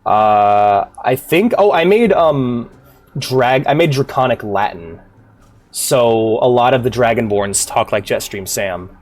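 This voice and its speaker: This gaming streamer has a medium-pitched, expressive voice and takes things slowly. He rambles, curses openly, and chats casually with viewers over faint game music.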